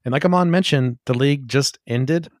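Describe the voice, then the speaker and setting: A man's voice: medium pitch, no room sound, studio quality. A man hosting a podcast, chatting casually and eagerly. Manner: eager, rapid, enthusiastic talk. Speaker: podcast host.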